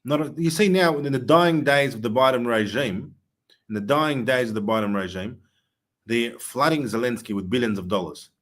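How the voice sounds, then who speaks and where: A man hosting a political talk show, speaking earnestly with frequent filler pauses. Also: medium pitch. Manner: earnest, many filler uhs, rising emphasis. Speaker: host.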